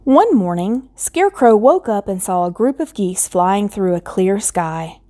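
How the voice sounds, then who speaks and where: A woman reading a children's picture book aloud in a gentle, measured way. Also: mid-range voice, big pitch swings. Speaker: storybook reader.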